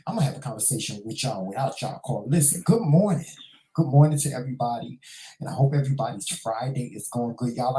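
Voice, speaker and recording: Middle-aged man, chatty talk show host, mellow warm voice, repeats lines, roomy echo. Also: medium pitch. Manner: chatty, repeats himself, calls viewers y'all, honey, child. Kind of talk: casual live chat with viewers. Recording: echoey room.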